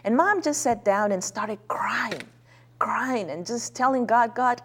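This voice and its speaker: A woman from Mexico, a guest telling a heartfelt personal story in a casual, earnest way with soft hesitant fillers. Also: on the high side, lively intonation, a little slow.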